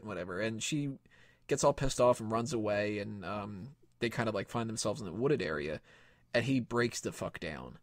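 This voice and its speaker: A man's voice: medium pitch, moderate pace, no echo, clean studio sound. A man hosting a casual movie-review podcast, retelling scenes animatedly with a lot of swearing. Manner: animated retelling with profanity and impressions. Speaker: podcast host.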